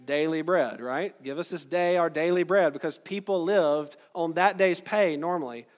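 A male pastor with a somewhat high voice, preaching in an easy, conversational way. He goes through the text verse by verse and stops to quiz his listeners. His voice carries a long reverb from a large hall. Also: moderate pace. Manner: conversational, explains verse by verse, asks the crowd questions. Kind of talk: sermon.

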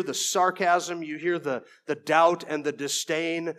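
A man's voice: on the high side, fairly even intonation, normal speed, hardly any pauses, a bit bright. A man preaching an expository sermon verse by verse, conversational, with folksy asides and frequent restarts.

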